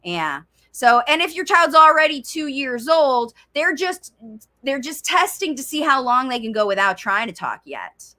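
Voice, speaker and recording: A woman speech coach answering viewer questions in a live Q and A, talking directly to parents. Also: sits high. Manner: animated, acts out child's voice. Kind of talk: live Q and A chat.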